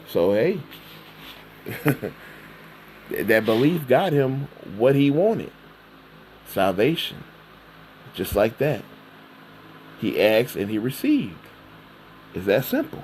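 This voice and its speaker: A man giving an informal sermon, reading scripture slowly and then retelling it in everyday words, often checking in with "all right?". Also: mid-range voice, very animated, darkish tone, slight background noise, rough recording. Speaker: preacher.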